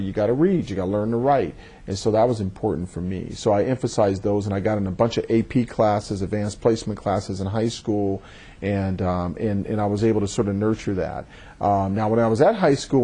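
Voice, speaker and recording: A man who is a judge gives thoughtful, measured interview answers, often repeating words as he begins a thought. His voice is medium-pitched and warm.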